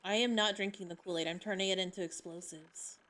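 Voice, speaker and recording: A woman's voice: mid-range voice, fairly even intonation, brisk, a bit bright. A young woman from Indiana with a Midwestern accent and a slight Southern lilt, streaming a game and chatting casually with viewers, giggly and playfully dramatic. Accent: Midwestern American with a slight Southern lilt. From Indiana, USA. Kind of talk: casual live-stream chat while gaming.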